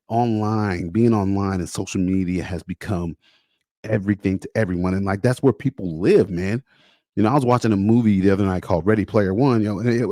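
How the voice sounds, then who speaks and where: Male podcast host, casual animated monologue, lowish voice, dry room. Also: no room sound. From United States. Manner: animated, conversational, slangy, acts out dialogue.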